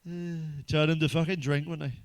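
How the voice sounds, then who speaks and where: A man's voice: fairly high pitch, fairly even intonation, moderate pace. A middle-aged man telling crude jokes in a blunt stand-up monologue, swearing constantly. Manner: blunt, heavy swearing, does character voices in jokes. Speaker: stand-up comedian.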